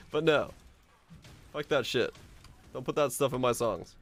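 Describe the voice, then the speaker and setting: Animated, profane male game streamer. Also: medium pitch, moderate pace, vocal fry, pauses often. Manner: profane, animated ranting with bursts of laughter. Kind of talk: casual live-stream chat.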